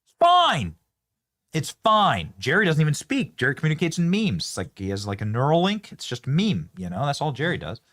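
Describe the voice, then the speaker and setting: A man hosting a political commentary show, mocking and animated, often breaking into laughter. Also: a little high, brisk. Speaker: host.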